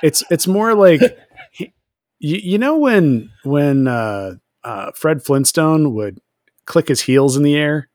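A man co-hosting a podcast, casually recapping a TV episode, laughing often and acting out characters in quick voices. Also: a little high, sing-song, darkish tone, dry recording, clean studio sound. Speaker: podcast co-host.

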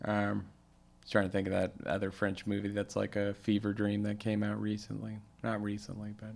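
A man co-hosting a casual movie discussion, animated and fond of acting out characters in silly voices. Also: lowish voice, normal speed, creaky. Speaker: podcast co-host.

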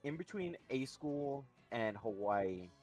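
Faint music plays behind a young man co-hosting a podcast as he slowly tells a long, rambling story in a medium-pitched, darkish voice with lively intonation. He swears and imitates others when quoting them.

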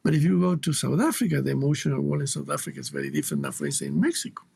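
Gravelly Chilean-accented man, reflective. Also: a little high, fairly even intonation, very fast, darkish tone. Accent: Chilean Spanish. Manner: emphatic, repeats words for stress. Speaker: guest teacher. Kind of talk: reflective interview talk.

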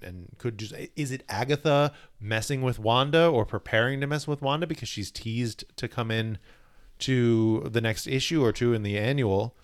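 A man's voice: medium pitch, smooth. A man co-hosting a casual comic book podcast, eagerly explaining story details and laughing often. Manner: enthusiastic, explains lore with laughs. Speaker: podcast co-host.

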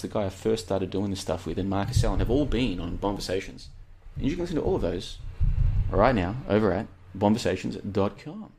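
A man's voice: on the low side, darkish tone, breathy edge. Rambling, chatty man hosting a late-night show. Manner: reads out listener comments. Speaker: podcast host. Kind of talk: casual solo talk show.

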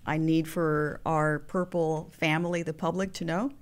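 A woman speaking as an interview guest, in an earnest, halting way, with restarts as she gathers her thoughts. Her voice sits a little low for a woman, and she tells her story in a heartfelt, personal tone. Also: steady tone. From Mexican heritage.

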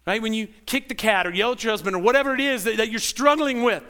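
High-voiced, animated preaching man. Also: quick pace, smooth. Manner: animated preaching, stammers and repeats words, asks the congregation questions. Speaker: pastor. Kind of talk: sermon.

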